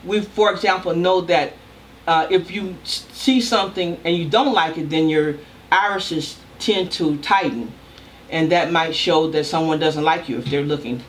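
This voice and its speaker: An older woman, a communication professor, giving a recorded lecture in a loud, emphatic, deliberate way. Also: low voice, a little hiss or hum.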